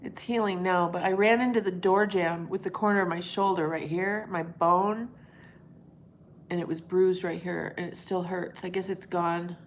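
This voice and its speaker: A woman's voice: lowish voice, steady tone, normal speed, slight background noise. A woman hosting a casual live stream, chatting with her viewers in a playful, teasing way. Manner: playful, teasing, breaks into loud monkey noises.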